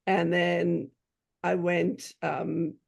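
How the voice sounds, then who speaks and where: A woman's voice: on the low side, level tone, extremely slow, gravelly, darkish tone. A middle-aged woman telling a personal parenting story in a casual, earnest way, with frequent restarts. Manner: earnest, many restarts and "you know"s, acts out quoted voices.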